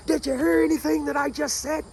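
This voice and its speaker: Man putting on a bigoted white man, frantic, shouting, very high strained voice, swinging pitch. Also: very animated, a little slow, a little hiss or hum, heavily acted. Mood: ranting. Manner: shouting, desperate. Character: loud bigoted white man, later panicked and pleading.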